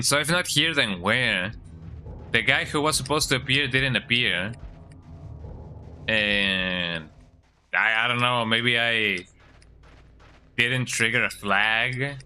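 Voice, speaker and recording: Bright-voiced man streaming a game. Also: medium pitch, measured pace, pauses often, slight background noise. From Mexico. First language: Spanish. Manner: rambling, crude joking, thinking aloud. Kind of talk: live game commentary.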